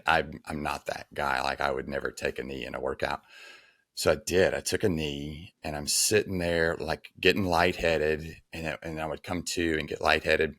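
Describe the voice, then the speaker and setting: Man in his 40s, really low voice, dry close sound, just talking it through honestly. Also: fairly bright tone, no room sound. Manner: earnest, conversational, frank. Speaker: guest. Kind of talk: casual storytelling interview.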